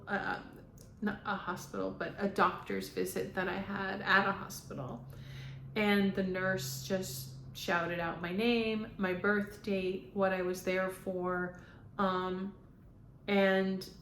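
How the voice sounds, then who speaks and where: A woman speaking as a spiritual medium, relaying messages to viewers in a halting monologue full of "um"s. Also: medium pitch, a little hiss or hum. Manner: halting, frequent "um" fillers. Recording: echoey room.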